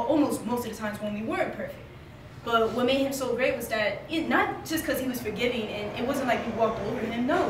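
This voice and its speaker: A woman giving a candid, laughing, profane spoken tribute at a memorial gathering. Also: a little high. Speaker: eulogy speaker. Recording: roomy hall from far off, noisy.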